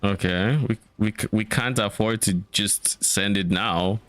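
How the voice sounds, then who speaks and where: A young man chatting casually while playing a game, relaxed, swearing lightly and trailing off mid-thought. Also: lowish voice, measured pace, clean tone. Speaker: co-player. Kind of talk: casual gaming chat.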